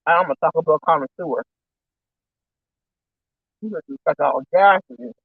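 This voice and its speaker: A man's voice: a little high, moderate pace, slightly rough, dry recording. A man rambling and venting in casual, profane chat on a live stream while eating, with a dull, muffled lo-fi recording.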